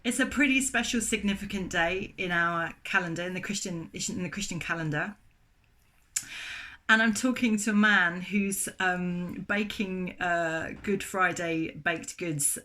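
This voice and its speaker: A middle-aged woman telling a story in a casual, chatty way, full of fillers and lively retellings. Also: on the low side. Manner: chatty, animated, many fillers. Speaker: vlogger.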